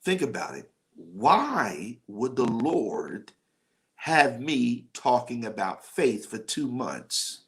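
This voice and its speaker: A man's voice: mid-range voice, big pitch swings, takes it slowly. A man preaching a live-streamed sermon as pastor, conversational and exhorting, calling on his listeners by name. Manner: exhorting, conversational, calls on the audience.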